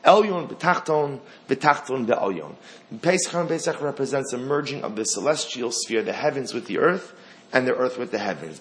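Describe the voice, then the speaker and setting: Earnest man teaching a Torah lesson. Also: mid-range voice. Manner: earnest, repeats key phrases, asks and answers his own questions. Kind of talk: Torah class lecture.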